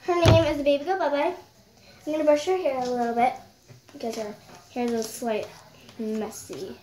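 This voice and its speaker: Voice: sits high, steady tone, moderate pace, a little mellow. A young girl chatting casually to viewers while she unboxes a toy, talking aloud as she fusses with the packaging. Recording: echoey room with background noise.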